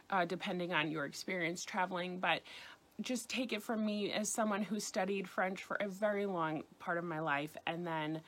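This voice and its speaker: An American woman in her thirties with a New York accent, teaching French pronunciation in a scripted, clear and deliberate way. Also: medium pitch, fairly bright tone, slight background noise. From United States. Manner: clear, deliberate, careful over-enunciation of example words. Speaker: French teacher on a video channel. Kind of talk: scripted language lesson.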